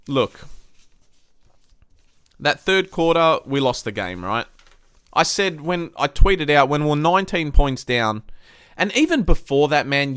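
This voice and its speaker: A man's voice: on the high side, clean tone, no echo, clean studio sound. A man hosting a live-stream footy review, swearing heavily and ranting in frustration, his voice jumping up when he gets worked up. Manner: excitable, voice jumps up when worked up.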